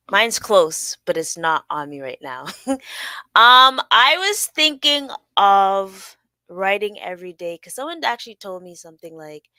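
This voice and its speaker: A woman's voice: medium pitch, very animated, slow pace, bright, forceful tone, dry recording. A woman hosting a casual solo podcast, chatty and loose, often laughing and adding playful sound effects. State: sore from working out. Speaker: podcast host.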